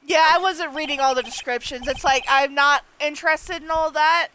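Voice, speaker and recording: Chatty high-voiced woman streamer. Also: steady tone, moderate pace, bright, forceful tone. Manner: chatty, giggly, talks to chat. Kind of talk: casual let's-play commentary.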